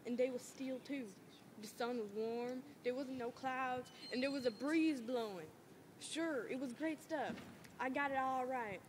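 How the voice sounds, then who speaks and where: A woman voicing a tough, bitter working-class man in an amateur play reading, talking in rough, clipped street slang. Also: high voice, a little slow. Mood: wistful. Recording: loud background noise.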